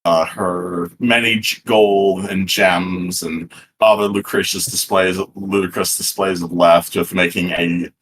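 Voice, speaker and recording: A man game master narrating a tabletop session on a stream, with a low, bright voice. He rambles and restarts his sentences as he paints the scene. A faint hiss sits under the mic. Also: steady tone, measured pace. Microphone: headset or desk mic on a live stream.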